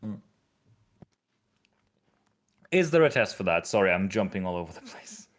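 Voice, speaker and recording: A man's voice: sits low, fast. A man with a Northern English accent, chatting casually and rambling on while he streams his compiler work. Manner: rambling, animated explainer. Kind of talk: casual live-stream chat.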